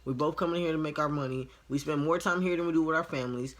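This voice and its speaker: Man, fairly high voice, casual storytelling, blunt, profane, exasperated. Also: fast, fairly bright tone. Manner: retells conversations by voicing each side. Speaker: line cook.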